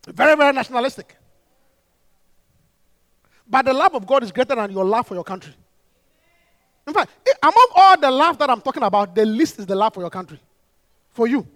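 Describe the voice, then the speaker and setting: Very high-voiced animated preacher. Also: male voice, brisk, pauses often, dry recording, clean studio sound. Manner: animated, laughing, rising to shouts. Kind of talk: sermon.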